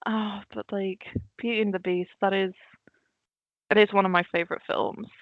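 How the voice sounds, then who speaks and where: A woman's voice: medium pitch, level tone, moderate pace, no echo. A woman co-hosting a film podcast, chatting animatedly and acting out characters' lines as she talks. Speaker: podcast co-host. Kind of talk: casual film discussion. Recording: slightly dull lo-fi mic.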